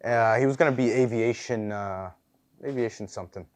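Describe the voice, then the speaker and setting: A young man, a podcast guest, telling boot camp stories in relaxed casual chat, laughing often and swearing easily. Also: medium pitch, fairly quick.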